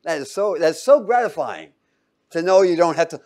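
A man's voice: fairly high pitch, normal speed. A man teaching a class in a lecture style, quizzing students with fill-in-the-blank questions and acting out quotes in little voices. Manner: animated, acts out quotes in voices.

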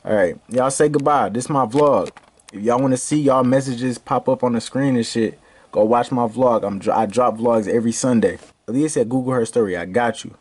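A man's voice: mid-range voice, a little fast, darkish tone, husky. A man vlogging with friends and reading out live-stream comments, joking and laughing with profane banter. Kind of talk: casual chat with friends.

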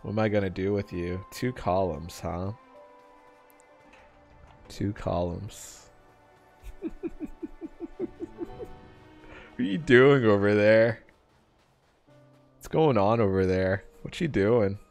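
A man streaming a game live, bantering with his chat, laughing often and getting loud and defensive when teased. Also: fairly low pitch, slow pace, creaky, long pauses, faint music behind.

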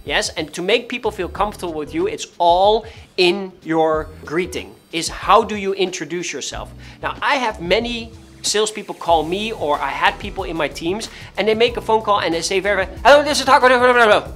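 A man gives an instructional talk on cold calling to real estate agents. His delivery is animated and emphatic, and he hammers his key points home by repeating them. Faint music plays behind him. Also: high voice, normal speed. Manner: acts out callers' voices. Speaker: real estate sales coach.

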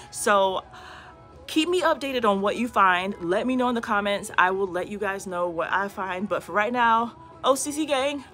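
A woman's voice: mid-range voice, bright, forceful tone. A woman filming a shopping vlog inside a large store on a handheld phone, gushing and exclaiming over bargains. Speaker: couponing vlogger.

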